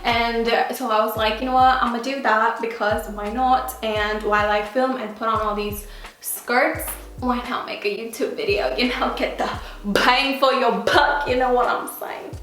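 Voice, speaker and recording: A woman's voice: on the high side, fairly even intonation, normal speed, a bit bright. A woman hosting a casual try-on vlog at home, playful and chatty, sometimes breaking into song. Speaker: YouTuber. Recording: very echoey room, faint music.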